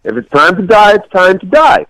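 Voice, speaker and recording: A man's voice: sits high, very animated, moderate pace, fairly bright tone, no echo, rough recording. A man from New York co-hosting a talk radio show, blunt, profane and opinionated in casual banter.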